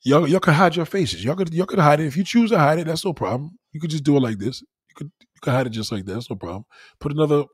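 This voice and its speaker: A man hosting a casual late-night livestream, reacting loudly to chat with profane, laughing banter. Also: fairly high pitch, fast talker, slightly rough, dry recording, studio quality. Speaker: livestream host.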